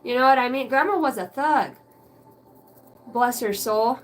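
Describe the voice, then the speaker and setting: A woman's voice: on the high side, unhurried, far from the mic, low-quality recording. A woman hosting a card-reading livestream, venting in a rambling, profane way and chatting with viewers by name. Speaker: oracle card reader and livestream host. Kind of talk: casual livestream rant.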